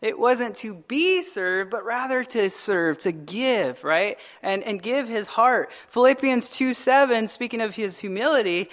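A male pastor in his thirties, preaching with a high voice. His delivery is animated and conversational, full of "right?" asides. He often doubles the first word of a phrase as he goes. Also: a little slow, hardly any pauses. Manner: animated storytelling with frequent "right?" tag questions; repeats words when starting phrases. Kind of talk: sermon.

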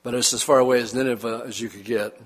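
A man's voice: medium pitch, fast talker, husky. An older male pastor delivering a sermon in an easygoing, folksy way. He reads scripture aloud and drifts into personal stories. He leans hard on key words for emphasis. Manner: folksy storytelling preacher, lively emphasis.

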